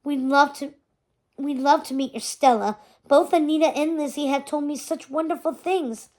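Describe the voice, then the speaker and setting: A woman's voice: high voice, steady tone, normal speed, a little mellow, lightly acted. A woman reading the lines of a proud, emotional society mother in a storybook. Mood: gushing.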